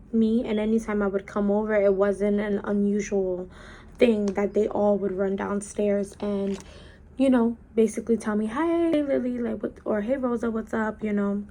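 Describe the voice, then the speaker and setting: A young woman vlogger telling a personal story in a casual storytime chat, acting out the quotes in lively voices. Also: mid-range voice, normal speed, a little hiss or hum. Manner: animated, acts out quotes in changing voices. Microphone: camera mic while doing makeup.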